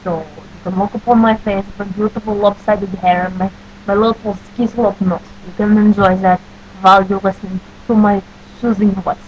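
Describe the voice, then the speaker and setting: Deadpan woman in a mock Russian accent. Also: mid-range voice, moderate pace. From New Jersey. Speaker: vlogger. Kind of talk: comic accent-challenge vlog. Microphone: webcam. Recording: dull lo-fi webcam audio with faint hum.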